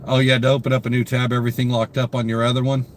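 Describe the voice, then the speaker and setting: A young man chats through his live stream, worn out and yawning, reading viewer comments aloud and greeting them by name. His talk rambles with plenty of fillers, in an everyday mid-pitched voice. A faint hiss sits under the desk-mic recording. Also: level tone, very fast. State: tired, yawning. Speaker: livestream host.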